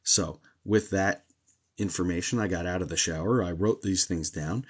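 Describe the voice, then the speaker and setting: A man's voice: low voice, moderate pace, husky. A man hosting a live stream as a psychic medium, chatting casually and telling stories with plenty of ums and uhs.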